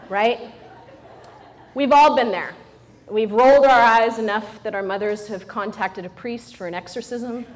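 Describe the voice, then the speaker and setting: At a normal speed and in a slightly high voice, a middle-aged motivational speaker addresses a live audience with humor. Her manner is playful and joking, punctuated by frequent "right?" checks with the crowd.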